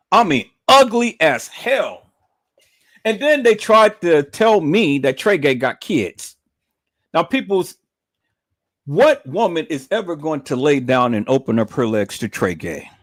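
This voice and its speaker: A man's voice: a little high, a bit bright, no room sound, studio quality. A man ranting on a livestream, profane, mocking and repetitive. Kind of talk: livestream rant.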